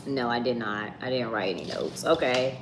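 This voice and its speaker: Speaking at a normal speed in a deep bass voice with lively intonation, this tarot reader talks casually and bluntly to viewers on her live stream. Her recording carries room echo and a faint hum of ambient noise.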